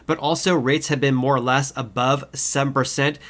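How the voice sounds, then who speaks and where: A man hosting his own explainer video, his voice nasal and stuffy from a cold. He talks casually at a middling pitch, fills gaps with "uh" and repeats his key points for emphasis. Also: steady tone, moderate pace, a bit bright. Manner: frequent uh fillers, repeats key figures. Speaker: housing market video host. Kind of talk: casual explainer talk to camera.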